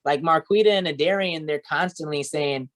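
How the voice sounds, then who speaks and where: A man's voice: on the high side, normal speed, a bit bright. A man training a sales team, coaching and encouraging, often checking in with "right?" and "okay?".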